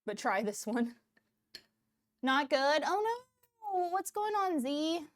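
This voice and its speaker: A woman's voice: high-pitched, sing-song, takes it slowly. A woman hosting a cooking livestream, chatting casually with viewers in a bubbly way and laughing often. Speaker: cooking streamer host.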